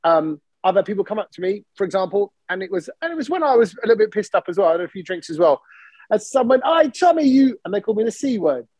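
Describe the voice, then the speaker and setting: Brief: male podcast host, high, quick talker, husky and dry, animated storyteller. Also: no echo. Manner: animated, acts out quoted voices. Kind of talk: casual chat.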